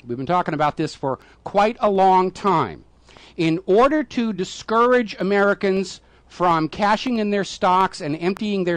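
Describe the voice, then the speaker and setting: A man's voice: high voice, no echo. A middle-aged man hosting a talk radio show, delivering a sarcastic, mocking monologue and now and then stumbling over his words with fillers.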